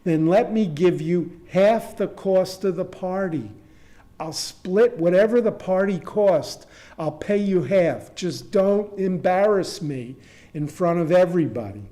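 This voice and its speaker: A man voicing an embarrassed guest who quietly begs the host to let him stay in a retold story. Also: high-pitched, animated, a little slow. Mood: bargaining. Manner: hushed, pleading. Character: humiliated man pleading to stay at a party.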